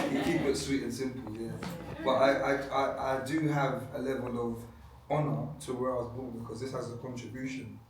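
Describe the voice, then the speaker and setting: Soft-spoken man in echoey room. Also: medium pitch. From London, England. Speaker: panel speaker. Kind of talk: reflective discussion. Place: indoor room with an audience. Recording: echoey room, distant, faint hiss.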